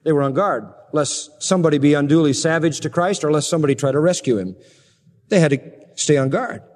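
High-voiced preacher in a reverberant hall. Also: male voice, a little fast. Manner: preaching with wide swings from loud to hushed. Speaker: pastor. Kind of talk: sermon.

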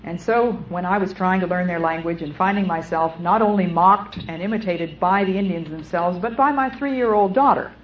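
Middle-aged woman, sermon, deliberate and earnest; muffled lo-fi recording with faint hiss. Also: fairly low pitch. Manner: earnest, measured, deliberate phrasing. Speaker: speaker. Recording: muffled old recording in an echoey hall.

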